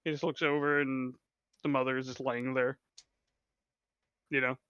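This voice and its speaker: A man's voice: medium pitch, flat delivery, moderate pace, a bit bright, clear, resonant tone, no echo. A man co-hosting a casual movie chat, swearing freely and laughing often. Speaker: podcast co-host. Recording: dull, lo-fi and dry.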